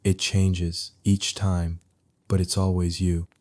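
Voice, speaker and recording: A mysterious stranger, exhausted and hoarse, speaks in a deep, quiet voice, as a man reads him in a bedtime storybook. His words come slowly and evenly, with almost no rise or fall. He sounds low and worn. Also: level tone, dry recording. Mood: hushed, weary. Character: weary mysterious stranger man washed ashore.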